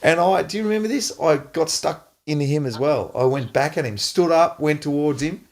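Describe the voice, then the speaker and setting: Aussie bloke spinning a footy yarn, gravelly voice, laughs a lot. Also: male voice, a little high, a little fast. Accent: Australian. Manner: animated, laughing storyteller. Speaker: podcast host, former footballer. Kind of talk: casual storytelling chat.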